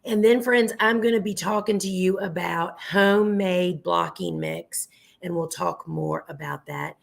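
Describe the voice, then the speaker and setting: A middle-aged woman hosting a casual live gardening show, chatty and homey, her voice a little hoarse from losing it. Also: on the low side, a little slow. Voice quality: chatty, homey, addresses viewers as friends.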